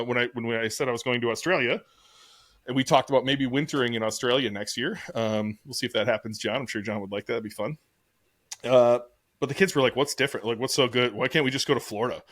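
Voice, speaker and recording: A man's voice: medium pitch, a bit bright, dry recording. A middle-aged man co-hosting a podcast, telling rambling stories in casual chat with frequent swearing. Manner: fast, rambling, profane storytelling. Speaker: podcast co-host.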